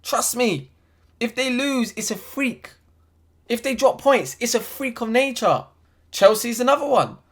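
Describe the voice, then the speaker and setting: A man's voice: very high-pitched, animated, a little slow. A young man ranting in a vlog, heated and exasperated, full of slang. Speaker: football fan vlogger. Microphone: desk USB microphone.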